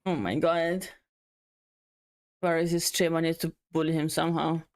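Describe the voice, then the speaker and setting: Dry, teasing low-voiced woman. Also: flat delivery, moderate pace, a little mellow. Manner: dry, teasing, confused remarks. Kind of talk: casual stream chat.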